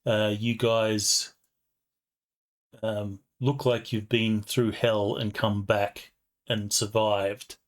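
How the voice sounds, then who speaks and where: A man narrating a tabletop game as game master, slow and halting with many fillers. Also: on the low side, little pitch movement.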